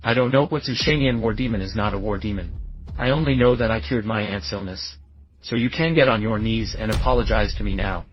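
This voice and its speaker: A man dubbing a calm, righteous young male healer in an English dub of a drama, speaking in a stern, confident manner. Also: on the low side, brisk, dull audio, close to an everyday voice. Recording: dubbed dialogue over music.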